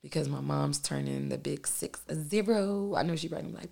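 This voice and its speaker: A woman in her thirties hosting a solo podcast from her dining room table at home, talking loudly and candidly with lots of filler and swearing. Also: sits low, normal speed, gravelly. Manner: loud and boisterous, candid, profane, filler-heavy. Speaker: podcast host. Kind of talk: casual solo podcast monologue.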